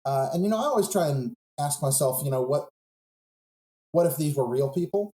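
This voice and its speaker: A pastor on a podcast, telling a Bible story in an earnest, reflective way. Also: male voice, a little high, lively intonation, brisk, dark tone, roomy sound, rough recording.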